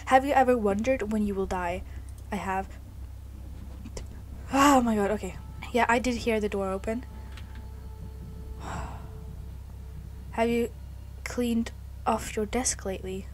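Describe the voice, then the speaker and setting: A young woman playing a horror game alone in a dark basement, jumpy and scared, often swearing and screaming. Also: on the high side, takes it slowly, pauses often, slight background noise. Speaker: gaming video creator.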